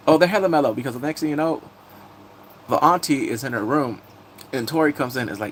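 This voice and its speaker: A man's voice: mid-range voice, quick pace, pauses often. Guy streaming, recapping tv, laughs a lot, keeps saying welcome in, bit of noise behind. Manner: animated, laughing, greets viewers often. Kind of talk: casual live-stream chat.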